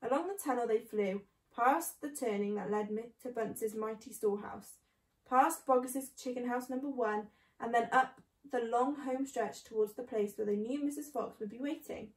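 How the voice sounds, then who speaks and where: A woman reading a children's book aloud, clear and measured. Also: on the high side. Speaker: storyteller. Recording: echoey room.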